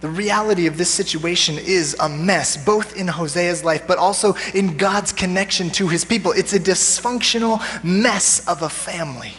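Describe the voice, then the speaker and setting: A man's voice: high voice, normal speed, hardly any pauses, a bit bright. A man preaching a sermon in a casual, conversational way, often putting questions to his congregation. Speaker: pastor. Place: church sanctuary. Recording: long church hall reverb.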